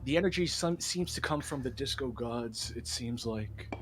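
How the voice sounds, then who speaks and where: A man's voice: medium pitch, animated, normal speed, fairly bright tone, faint music behind. A man guesting on a streamed talk show, answering with dry one-liners. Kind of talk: casual chat on a stream.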